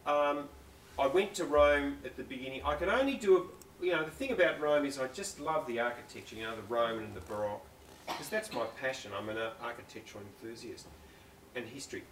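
An Australian man appears as a guest author in a live on-stage conversation in a school hall before an audience, talking enthusiastically, rambling and often breaking off mid-thought. His voice is medium-pitched, fairly quick and a bit bright. The recording sounds roomy and distant, with faint ambience and a little hiss or hum.

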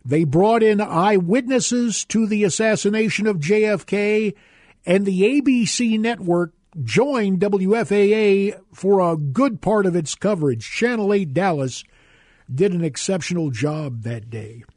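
A man's voice: high voice, expressive, measured pace, a little mellow, dry recording. A man in his sixties hosting a talk radio show, telling stories with an emphatic delivery into a studio microphone. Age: 60s. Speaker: radio guest host.

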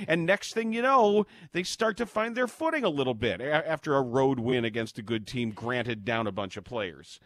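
A man's voice: fairly high pitch, expressive, moderate pace, few pauses, fairly bright tone. A man hosting a sports talk show, chatting casually with bursts of mock outrage. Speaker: sports radio host.

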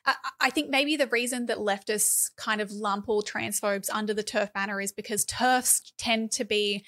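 An Australian woman co-hosting a political podcast, quick and sarcastic, with lots of fillers and restarts. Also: medium pitch, steady tone, fairly bright tone. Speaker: podcast co-host. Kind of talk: casual political chat.

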